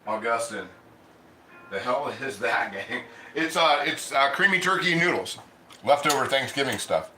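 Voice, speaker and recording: Bright-voiced man chatting with his mouth full. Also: medium pitch, animated, measured pace, reverberant, a little hiss or hum. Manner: chatty, rambling, eats while talking. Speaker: livestream cooking host. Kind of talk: casual livestream chat.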